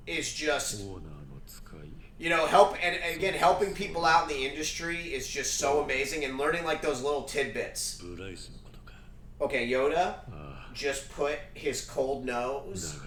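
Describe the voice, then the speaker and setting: A man chatting casually on a charity stream, telling stories in an excitable, rambling way. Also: fairly high pitch, a little slow. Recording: roomy, distant mic with music behind.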